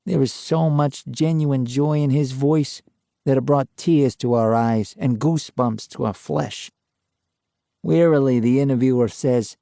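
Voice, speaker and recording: An older man narrating a true ghost story in a slow, measured way. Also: medium pitch, creaky, dark tone, no room sound, studio quality.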